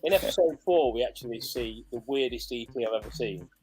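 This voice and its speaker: A man who runs a vintage toy shop, telling stories in a casual chat in an animated way. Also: mid-range voice, husky, soft background music. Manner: fast, animated storytelling.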